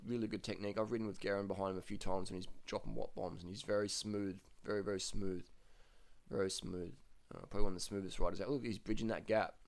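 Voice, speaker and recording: A man giving casual, blunt commentary over race footage, swearing freely, repeating himself and getting loud when worked up. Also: fairly low pitch.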